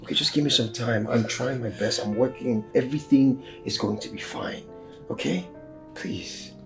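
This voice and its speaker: An actor with a Nigerian accent playing a broke, desperate young husband who pleads and stammers in a film drama. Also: male voice, mid-range voice, normal speed, lightly acted. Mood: pleading. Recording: echoey room with music.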